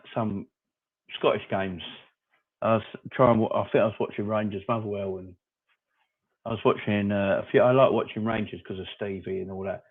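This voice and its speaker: A man's voice: lowish voice, breathy edge. A man hosting a casual live-stream chat, answering viewers by name in a rambling, opinionated way. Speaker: fan channel host reading live chat. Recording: phone-like narrow audio.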